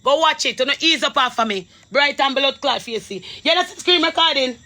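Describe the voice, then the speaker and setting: High, bright Jamaican woman ranting furiously. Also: animated, normal speed. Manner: furious, cursing rant in patois. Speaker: caller on a live stream. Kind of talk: heated live stream argument.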